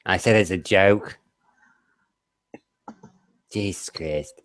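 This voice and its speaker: A man on a casual gaming podcast, teasing the others and talking excitedly about games. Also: low voice, drawn-out words. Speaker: podcast co-host. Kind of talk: casual group chat.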